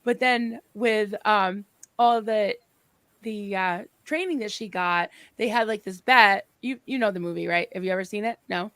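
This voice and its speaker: Female co-host, average pitch, chatty storyteller on a casual live stream, dry sound. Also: normal speed, a bit bright, no room sound.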